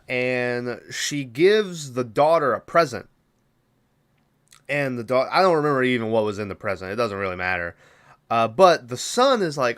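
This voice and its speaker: A man's voice: medium pitch, fairly bright tone, clear, resonant tone. A man hosting a podcast, recapping a movie in a rambling, profane, casual way and doubling back when he forgets things. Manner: rambling, profane, loses track and backtracks. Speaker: podcast host.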